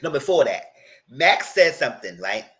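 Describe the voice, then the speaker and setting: A man's voice: mid-range voice, normal speed, low-quality recording. A man casually recapping and reviewing a reality TV episode, chatty and informal, acting out what people said. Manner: chatty, animated, retells scenes with quoted voices; informal, conversational phrasing.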